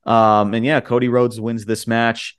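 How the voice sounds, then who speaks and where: A man co-hosting a casual podcast, recapping with excited, profane and rambling enthusiasm. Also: medium pitch, measured pace, smooth. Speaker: podcast co-host.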